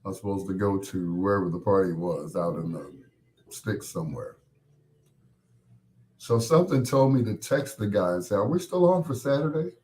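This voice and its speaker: Low-voiced man hosting a rambling live stream. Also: normal speed, pauses often, a little mellow. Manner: rambling, joking, talks straight to viewers. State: recovering from losing his voice. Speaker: host of a live stream show. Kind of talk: casual chat with live viewers.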